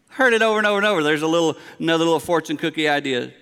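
Bright-voiced pastor preaching. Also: male voice, a little high, rapid-fire, few pauses, clean tone. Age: middle-aged. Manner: storytelling, swings from quiet to emphatic. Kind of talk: sermon. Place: large church hall. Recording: long hall reverb.

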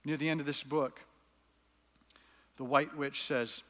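A man's voice: mid-range voice, fairly even intonation, a little slow, a bit bright, big-room sound. A man preaching a sermon as a pastor, telling a story earnestly and reading scenes aloud.

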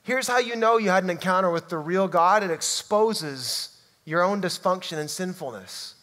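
A man preaching a sermon in a church, emphatic and swinging from loud to hushed. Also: high voice, animated, normal speed. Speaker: pastor. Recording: long reverb hall.

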